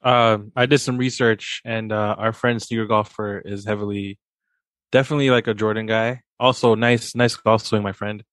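A man's voice: on the low side, fairly even intonation, normal speed, a bit bright, no room sound. A man co-hosting a casual podcast, easygoing with lots of ums and likes. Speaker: podcast co-host. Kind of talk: casual sneaker podcast chat.

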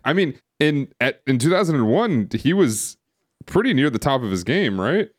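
With big pitch swings in a medium-pitched voice, a man speaks at a moderate pace as a podcast co-host. The casual chat rambles with many fillers and restarts, heard through a streaming setup mic.

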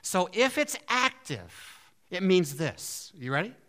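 Male preacher, fairly high, bright tense tone, animated delivery with rhetorical questions. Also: slow pace. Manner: animated, asks the audience questions. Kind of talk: sermon.

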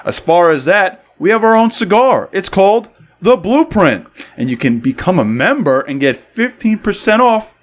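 A man's voice: sits high, very animated, moderate pace. A man co-hosting a casual podcast, playful and joking, at times putting on a mock radio announcer voice. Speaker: podcast co-host.

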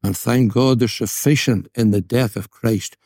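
A man with a Northern Irish accent preaching an evangelistic gospel sermon, earnest, repeating words and slowing on key phrases for emphasis. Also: medium pitch, fairly even intonation, warm tone, dry recording, studio quality. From Northern Ireland. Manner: slows down and stresses key phrases.

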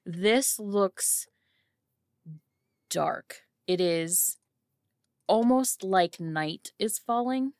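A woman playing a tabletop game, describing her actions with halting phrasing and fillers. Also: medium pitch, lively intonation, no room sound, studio quality. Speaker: player. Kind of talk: casual in-character play.

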